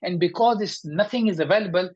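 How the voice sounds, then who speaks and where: A woman's voice: on the low side, fast, a little mellow, husky, muffled recording. Woman teaching a patient, explanatory grammar lesson. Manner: patient, explanatory, checks in with students often; hesitant, with frequent fillers and restarts. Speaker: Arabic teacher. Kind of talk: online Arabic grammar lesson.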